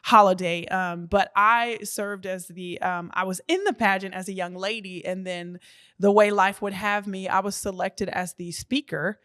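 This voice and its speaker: A woman's voice: mid-range voice, fairly even intonation, normal speed, a bit bright, clean tone, dry recording, studio quality. A woman in her thirties from Texas, a guest author talking casually and earnestly, with flowing sentences and a faith-filled way of speaking. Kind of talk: casual interview talk.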